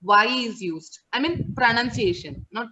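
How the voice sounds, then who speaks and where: Bright-voiced teacher, woman. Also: fairly high pitch, expressive, unhurried. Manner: patient, repeats words and checks understanding. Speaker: English teacher. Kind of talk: online class teaching. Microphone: video call. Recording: muffled online call audio.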